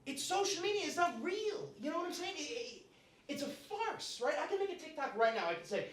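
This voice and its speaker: A man's voice: extremely high pitch, big pitch swings, normal speed, fairly bright tone. A man performing a live stand-up set in a comedy club, brash and profane, tagging his lines with "right?" and "you know?". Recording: echoey club room from far off.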